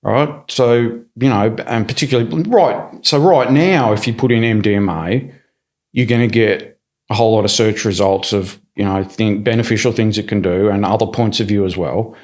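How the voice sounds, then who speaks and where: A man, a podcast guest, telling his story in a lively, casual way, acting out what people said and often restarting his sentences, recorded in a studio. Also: lowish voice, moderate pace. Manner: animated, acts out quoted voices, many restarts.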